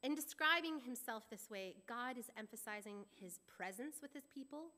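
A woman pastor preaching with a bright, forceful voice pitched a little high. She walks through scripture in an earnest, expository way, reading verses aloud as she teaches. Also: expressive, normal speed. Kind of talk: sermon.

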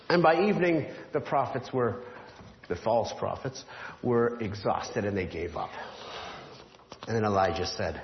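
A man's voice: medium pitch, expressive, moderate pace, slight background noise. A man leading a children's Bible lesson in a church hall, playful and quizzing the kids, chuckling often. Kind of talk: children's Bible story with props. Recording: echoey hall, dull lo-fi sound.

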